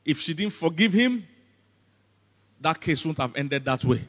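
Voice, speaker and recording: A man with a Nigerian accent preaching a sermon as pastor, animated and often breaking into comic voices. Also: on the high side, measured pace, in a large hall.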